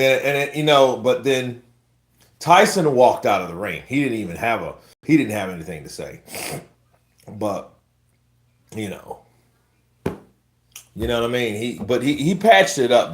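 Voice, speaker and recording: A man hosting casual boxing commentary on a livestream, blunt and profane, talking to his chat as bro. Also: on the low side.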